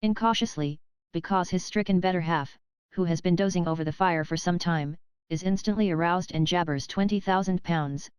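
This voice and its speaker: A woman narrating a classic novel as an audiobook, in a measured, unhurried reading. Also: fairly low pitch, a little mellow, clean tone, dry recording. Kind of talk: scripted narration.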